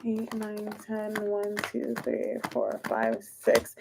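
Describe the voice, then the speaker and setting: A woman's voice: a little high, animated, slow pace, gravelly. A woman reading tarot on a livestream, counting aloud as she shuffles and chatting casually with her viewers. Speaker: tarot reader.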